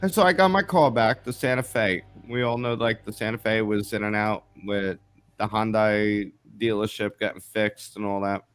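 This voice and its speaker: A man's voice: on the low side, moderate pace, a bit bright, clear, resonant tone. Male host, casual live stream chat, swears a lot, tells stories, faint music behind. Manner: profane, storytelling, greets viewers by name.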